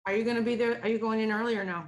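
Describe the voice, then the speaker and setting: A woman's voice: a little high, steady tone, very fast. A woman co-hosting a casual podcast, telling stories candidly and swearing freely. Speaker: podcast co-host.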